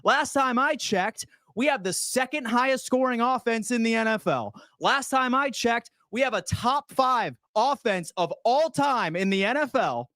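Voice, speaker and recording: A man hosting a sports fan channel, ranting loudly and profanely while answering chat. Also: extremely high pitch, dry recording, studio quality. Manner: loud, profane, fired-up ranting. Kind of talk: fan rant reading chat.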